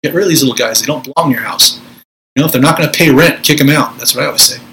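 A man's voice: mid-range voice, racing, sharp tone, a little hiss or hum, low-quality recording. A middle-aged man, a Pentecostal minister, teaching spiritual warfare in a conversational preaching style, acting out prayers in a commanding voice.

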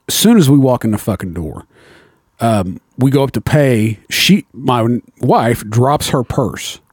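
A man tells a crude story in a relaxed chat, swearing often and laughing at his own punchlines. His voice sits at an ordinary pitch. The sound is dry and close. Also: measured pace, husky, no room sound.

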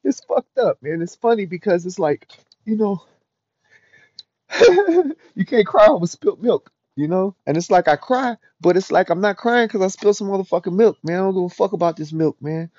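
Dude venting alone into a cheap mic, cussing a lot, kinda high voice, dull dry sound. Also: male voice, a little fast, a little mellow, dry recording. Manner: emotional, profane, rambling, often murmuring low. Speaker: podcast host. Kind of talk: raw confessional monologue.

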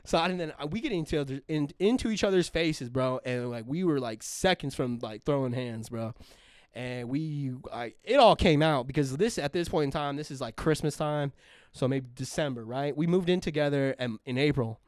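A man's voice: a little high, normal speed, darkish tone, no echo, clean studio sound. A young man co-hosting a podcast, telling a long story in a casual, profane, rambling way with lots of fillers and restarts. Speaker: podcast co-host.

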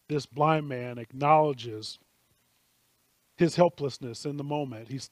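A man delivers a sermon in an earnest, searching way, with a voice sitting a little higher than most men's. He often doubles words as he presses a point. The sound is dry and close, with no room around it. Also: moderate pace, a little mellow, no room sound. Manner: earnest, repeats words when stressing a point, acts out bystanders' lines. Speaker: preacher.

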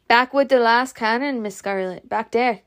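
A woman's voice: fairly high pitch, normal speed, clear, resonant tone, natural voice. A woman voicing an earnest young male servant who answers politely and respectfully.

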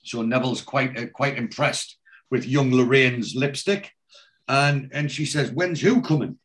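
A man's voice: medium pitch, steady tone, a little slow, a bit bright. Chatty man recapping a TV episode. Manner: chatty, retelling scenes with quoted lines. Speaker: podcast host. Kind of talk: casual chat recapping a TV episode.

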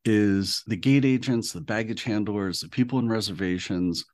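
A man co-hosting a podcast in a relaxed, easygoing casual chat. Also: sits low. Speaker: podcast co-host.

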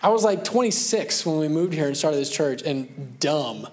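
A man's voice: a little high, animated, moderate pace, darkish tone. Earnest conversational male pastor. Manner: conversational, earnest, with self-deprecating asides. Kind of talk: sermon.

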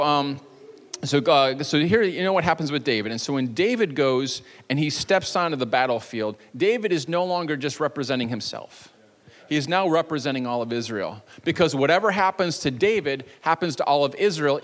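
A man's voice: a little high, expressive, brisk, fairly bright tone, in a large hall. A male pastor preaching a sermon in a church, telling a story with jokey asides and playful energy. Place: church sanctuary.

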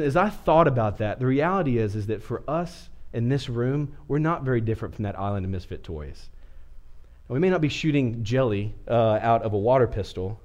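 A man preaching a sermon, opening with a casual, joking story before turning serious. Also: mid-range voice. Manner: casual, joking storyteller with lively swings in energy. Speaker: pastor.

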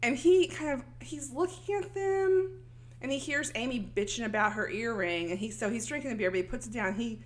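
A woman's voice: on the high side, a little fast. A woman co-hosting a casual chat, animatedly retelling a story and acting out the characters' lines. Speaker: podcast co-host recapping a film.

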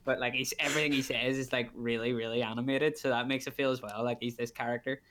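A man's voice: mid-range voice, steady tone, fast talker, background noise. Blunt, laughing young man. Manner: laughing, blunt, acts out customers' voices. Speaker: podcast guest, barman. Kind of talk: casual chat.

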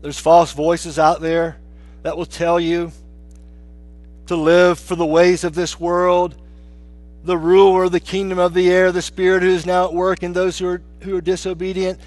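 Pastor guy preaching, kinda high voice, gets real quiet then loud again. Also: little pitch movement, normal speed. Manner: earnest preaching, swinging between hushed low lines and raised emphatic ones. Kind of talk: sermon.

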